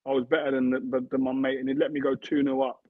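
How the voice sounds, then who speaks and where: Husky guy, ex footballer, earnest and repetitive, tinny phone-line sound, dead dry. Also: medium pitch, flat delivery, fast talker, no echo. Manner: earnest, repeats himself while building a point. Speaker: former football player as guest. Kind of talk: casual interview chat.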